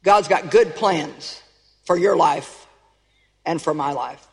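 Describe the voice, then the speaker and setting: Speaking slowly in a low-pitched voice with vocal fry, a woman preacher pours emphasis into her sermon and throws rhetorical questions at the crowd. The sound carries the long reverb of a big hall.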